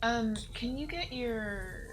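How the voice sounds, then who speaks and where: A woman's voice: fairly high pitch, slow. A woman playing a tabletop game, chatting playfully and cursing now and then. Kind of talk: casual game-table chat. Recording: noticeable background noise.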